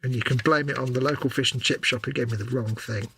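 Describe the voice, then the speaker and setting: A man's voice: medium pitch, steady tone, fast, gravelly, fairly bright tone, breathy edge. A man chatting casually and telling wry stories while he works as co-host of a live stream. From England. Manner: chatty, storytelling, wry exaggeration. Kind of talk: casual chat while working. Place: home workshop.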